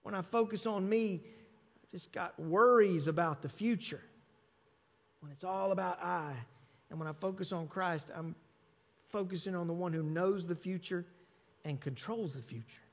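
A man's voice: high voice, normal speed. A man preaching a sermon as pastor, emphatic, repeating phrases and leaning hard on key words. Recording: long reverb of a large hall.

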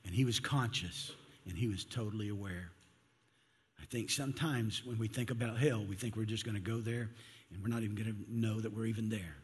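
A man's voice: fairly low pitch, fairly even intonation, fairly quick, breathy edge. A male pastor preaching a sermon in an earnest, conversational way. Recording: long hall reverb.

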